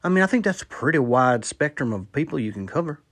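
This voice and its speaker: A man in a rambling comic voice memo, tripping over fillers and repeated words at an everyday middle pitch. He wanders from one absurd aside to the next and undercuts his own points as he goes. It sounds recorded on a phone. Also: expressive, quick pace, fairly bright tone. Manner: absurd self-contradicting asides. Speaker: listener sending a voice message to a podcast.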